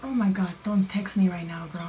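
A woman's voice: mid-range voice, brisk, loud music behind the voice. A young woman giving nervous, casual reaction commentary to her viewers while playing, swearing as she gets spooked. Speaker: gaming vlogger. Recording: distant from the mic, with clear background noise.

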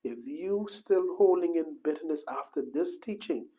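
A male pastor preaching a sermon with passion, swinging from hushed prayer to loud shouting, and reading scripture aloud. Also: a little high, animated, moderate pace. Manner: reads scripture aloud in King James wording.

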